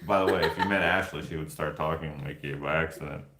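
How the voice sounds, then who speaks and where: A man with a bass voice, steady and sharp in tone, talks fast while vlogging and answering viewer questions. The casual chat is rambling and jokey, he laughs easily, and the room sounds echoey.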